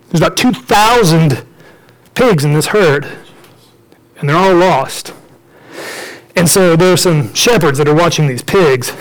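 A man preaching a storytelling sermon, with a high-pitched voice. He talks in a lively, joking way and keeps acting out the people in the story. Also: poor audio. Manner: lively, joking, acts out the characters.

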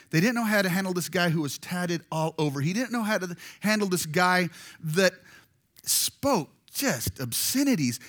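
A man preaching a storytelling sermon, animated and jokey, acting out voices as he goes. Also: high-pitched. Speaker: pastor.

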